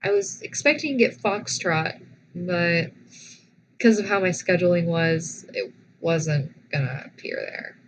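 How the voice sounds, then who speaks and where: A young woman talks slowly and a little low as she spins a casual personal story for her vlog. Her retelling is animated and dramatic, with frequent restarts. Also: a little hiss or hum, poor audio. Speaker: vlogger.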